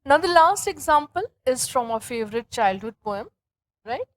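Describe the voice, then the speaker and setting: A woman with a fairly high voice teaches grammar in a lecture, walking through each point step by step. She often stops to check in with her students. The recording is dry and close, with no room sound. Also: expressive, normal speed, no room sound, low-quality recording. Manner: explains step by step, often checks in with "okay?" and "right?". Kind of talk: classroom lecture.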